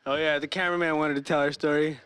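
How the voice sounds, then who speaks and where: A man's voice: a little high, little pitch movement, quick pace, a bit bright. A young man hosting a comic podcast in a pushy, teasing, mock-serious way. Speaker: host.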